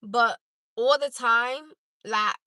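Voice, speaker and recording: Livestreaming on her phone from her parked car, this Newark, New Jersey woman chats frankly with her audience. She draws out her words in a high, bright, forceful voice. There's no room sound, and the recording is low quality.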